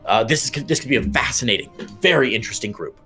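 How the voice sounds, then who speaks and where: A man's voice: mid-range voice, animated, fast talker, sharp tone, faint music behind. A man giving chatty, playful play-by-play commentary on a strategy game match, with frequent restarts. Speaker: esports caster.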